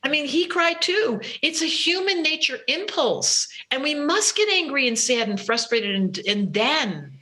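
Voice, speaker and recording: A woman being interviewed as a spiritual teacher, talking in an expressive, earnest way. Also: sits high, a little slow, few pauses. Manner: expressive, earnest, laughs into her words. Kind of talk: animated interview talk.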